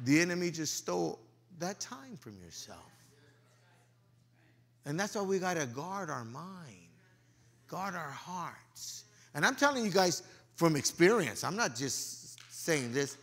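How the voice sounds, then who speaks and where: A male pastor giving a joking, lively sermon, swinging from loud preaching to low muttered asides and slipping into everyday slang. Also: measured pace.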